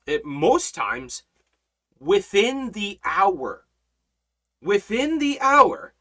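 A man teaches a Bible study in a preaching style, emphatic and repetitive, swinging between loud and soft. His voice sits high.

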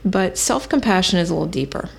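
A woman hosting a self-help podcast, teaching in a calm, measured way and thinking aloud with occasional fillers. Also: on the low side, creaky, slightly rough. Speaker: podcast host.

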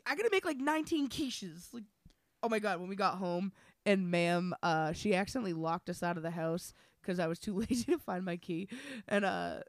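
A man's voice: high voice, fairly even intonation, normal speed, clear, resonant tone, no room sound, studio quality. A man co-hosting a podcast in casual chat, sleepy, laughing often and swearing freely as he tells stories. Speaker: podcast co-host.

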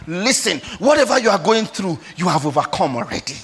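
A man with a Nigerian accent preaching a sermon as a pastor, moving between soft pleading questions and loud exhortation. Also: high voice, very animated, fairly quick, hardly any pauses, slightly rough.

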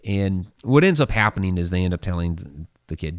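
A man with a deep, low voice talks in an easygoing, rambling way, stopping often for fillers and restarting his sentences. He sounds like a show host chatting with his audience. The recording is dry and close, with no room sound. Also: lively intonation, fairly quick, clear, resonant tone, dry recording. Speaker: host reading viewer questions. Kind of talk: casual storytelling chat.

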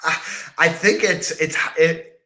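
A man's voice: on the high side, steady tone, slow, sharp tone, poor audio. A man co-hosting a podcast, talking in a rambling way with many restarts and easy laughs. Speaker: podcast co-host. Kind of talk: casual podcast chat.

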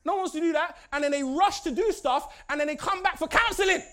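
A male pastor with a very high voice preaches a lively sermon at a fast clip. He laughs often and swings between shouted lines and soft asides.

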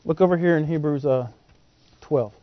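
A man preaching a sermon, folksy and animated, often acting out voices in the quotes he tells. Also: on the high side, normal speed, no echo. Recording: dull lo-fi podcast audio.

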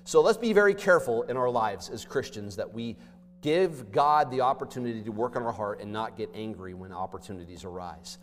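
A man preaching a sermon as pastor, with emphatic delivery that swings between loud stresses and hushed asides. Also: fairly low pitch, brisk. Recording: long hall reverb.

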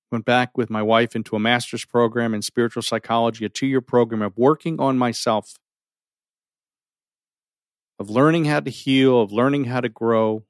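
A man's voice: mid-range voice, no room sound. Earnest man near tears, dry sound. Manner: earnest, emotional, often drops to near a whisper. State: holding back tears. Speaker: storyteller. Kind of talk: personal story told to an audience.

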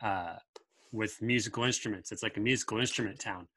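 A man's voice: fairly low pitch, brisk, sharp tone, dry recording. A man co-hosting a podcast, chatting casually and rambling through asides. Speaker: podcast co-host. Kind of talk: casual chat.

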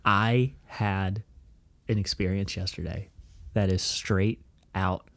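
A man's voice: low voice, takes it slowly. Man telling a story on a podcast. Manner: animated storytelling with frequent swearing. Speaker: podcast co-host. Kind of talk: casual podcast chat.

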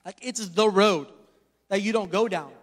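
Male pastor, very high voice, storytelling sermon with loud peaks and quiet asides, long hall reverb. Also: normal speed. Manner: storytelling preacher, swings from loud emphasis to hushed asides.

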